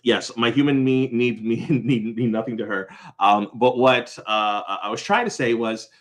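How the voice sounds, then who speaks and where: A man hosting a casual vlog update from home, rambling and apologetic, with many ums and restarts. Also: lowish voice. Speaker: host of a small crafts business channel.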